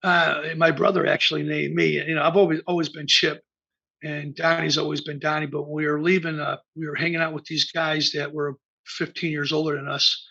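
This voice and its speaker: Gravelly and husky, this older Midwestern man, a band founder and bassist, tells rambling band anecdotes as an interview guest, stopping and restarting his sentences amid plenty of fillers. His somewhat high, bright, edgy voice keeps a level tone and moves a little fast over dull, lo-fi remote audio.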